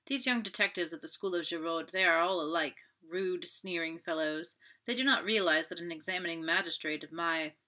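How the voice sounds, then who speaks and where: A woman's voice: fairly low pitch, moderate pace, hardly any pauses, sharp tone. A woman voicing a fussy, self-satisfied older French magistrate in an audiobook, pompous and prone to sighing.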